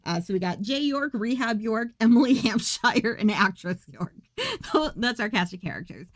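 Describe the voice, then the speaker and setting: A woman's voice: a little high, expressive, normal speed, dry recording. Joking, foul-mouthed woman podcast host. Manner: joking, profane, rambling asides. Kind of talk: casual movie recap.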